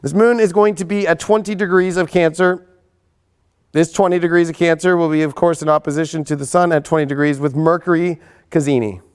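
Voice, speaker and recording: High-voiced guy doing his weekly astrology rundown, cussing a lot, gets hyped then goes all hushed and serious. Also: fairly quick, smooth. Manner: excitable, profane, swings between hyped and hushed. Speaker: astrology show host. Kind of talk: casual astrology forecast.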